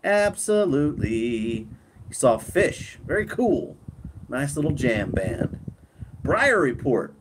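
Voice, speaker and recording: A man hosting a casual live stream, relaxed, reading viewer comments aloud and laughing often. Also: medium pitch, slow pace. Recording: clear background noise.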